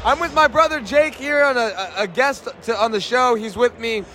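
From the stands of an outdoor football stadium, a man hosts his own fan sports show live, his very high-pitched voice going hoarse as he talks at a normal speed. He's hyped, shouty and rambling, with a loud stadium crowd and noise all around.

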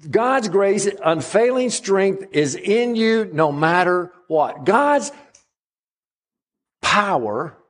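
A male pastor delivers a sermon in a high, husky voice. He leans on dramatic pauses and drags out key phrases for emphasis.

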